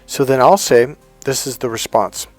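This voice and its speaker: A man's voice: mid-range voice, fairly even intonation, moderate pace, dry recording, faint music behind. A middle-aged man explaining coaching techniques in an informal teaching monologue, acting out quoted dialogue as he goes. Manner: conversational, acts out quoted dialogue. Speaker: life coach and NLP trainer.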